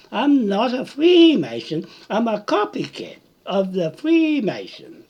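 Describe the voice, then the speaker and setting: New man, husky and unhurried, swooping pitch, repetitive confrontational live-video rant. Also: a little mellow. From New Zealand. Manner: repetitive, confrontational, tag questions like "Hmm?". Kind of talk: rambling live-stream monologue.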